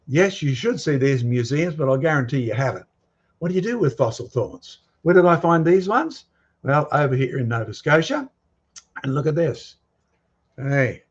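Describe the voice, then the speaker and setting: Emphatic man lecturing, husky voice. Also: medium pitch. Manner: emphatic, challenging the audience with questions. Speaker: creationist speaker. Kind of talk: presentation lecture. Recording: muffled lo-fi recording.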